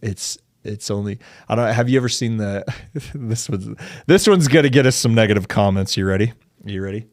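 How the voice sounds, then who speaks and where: A man's voice: fairly low pitch, fairly quick, no room sound, studio quality. A man from the United States, a podcast guest, telling a candid personal story at length and acting out the dialogue. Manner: long-winded, acts out quoted dialogue, says dude and like.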